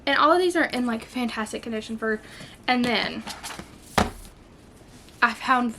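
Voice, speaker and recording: Woman vlogger, gushing and excitable, voice on the high side, loose and chatty with fillers. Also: a little slow, creaky, pauses often, noisy background. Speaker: book vlogger. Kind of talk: casual chat.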